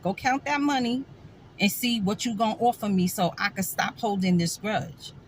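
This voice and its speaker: A woman's voice: mid-range voice, moderate pace, a little hiss or hum, low-quality recording. A middle-aged woman, talking bluntly and sassily to camera in a casual vlog, with wry laughs. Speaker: vlogger.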